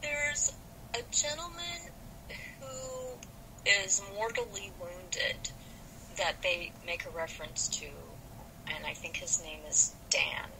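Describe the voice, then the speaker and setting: A woman's voice: medium pitch, takes it slowly, background noise. A woman hosting a casual book discussion, speaking hesitantly with many fillers and restarts. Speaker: podcast host.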